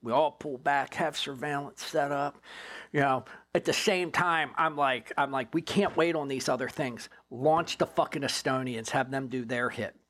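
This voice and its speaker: A former drug agent, a man, telling a case story in an interview in a blunt, profane, animated way. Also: mid-range voice, moderate pace.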